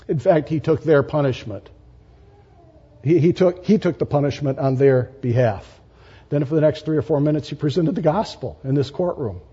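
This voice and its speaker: A man preaching a sermon as pastor, animated and emphatic, often rising sharply for stress and repeating key phrases. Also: mid-range voice, moderate pace, slightly rough, dull audio. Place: church sanctuary.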